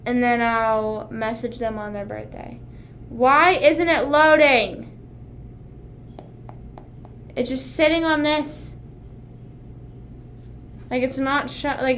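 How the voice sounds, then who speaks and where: Rambling, high-voiced young woman streamer. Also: a little hiss or hum. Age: 20s. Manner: rambling, animated, swears often. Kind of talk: casual livestream chat.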